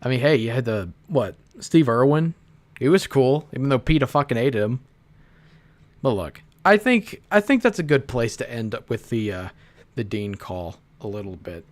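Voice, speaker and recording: A man hosting an informal commentary. His delivery is rambling and halting, with many restarts and casual swearing. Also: mid-range voice, lively intonation. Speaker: host.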